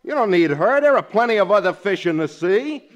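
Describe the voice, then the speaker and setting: A man's voice: high voice, big pitch swings, a little fast. A man playing a brash, slangy, wisecracking male pal and secretary in a 1940s radio sitcom. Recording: old radio broadcast with studio audience.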